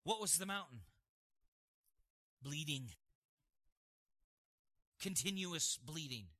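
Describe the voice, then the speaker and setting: A man's voice: on the high side, lively intonation, takes it slowly, sharp tone, breathy edge. A man preaching a sermon as pastor, asking the congregation questions and answering them himself. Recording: hall reverb.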